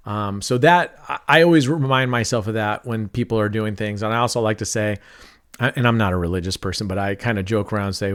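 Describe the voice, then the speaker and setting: Smooth-voiced talkative middle-aged man. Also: lowish voice, quick pace. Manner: talkative, rambling, self-described mellow. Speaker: roulette streamer. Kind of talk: casual commentary while playing online roulette.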